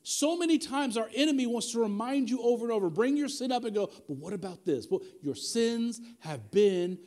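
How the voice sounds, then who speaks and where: A man in his forties preaching a sermon, talking casually, repeating himself for emphasis, and leading the prayer in a quieter voice. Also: very high voice, expressive, moderate pace. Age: 40s. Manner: conversational preaching with repetition and asides. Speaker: pastor.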